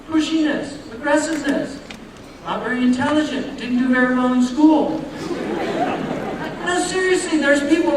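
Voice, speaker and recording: An American man giving a humorous, anecdote-filled public lecture on religion, asking his audience rhetorical questions. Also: very high voice. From United States. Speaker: Islamic lecturer. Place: large lecture hall. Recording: echoey hall, distant mic, audience noise. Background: audience sounds.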